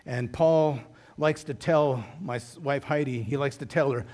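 A man's voice: medium pitch, a little slow, darkish tone. A middle-aged man preaching a sermon as a pastor, in a conversational storytelling manner with wry humor.

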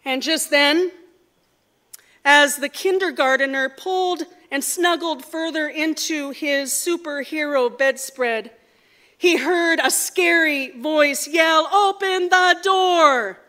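A woman giving a sermon, telling stories in a measured, earnest way before leading a prayer. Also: sits high, sharp tone. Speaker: preacher. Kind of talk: sermon with storytelling.

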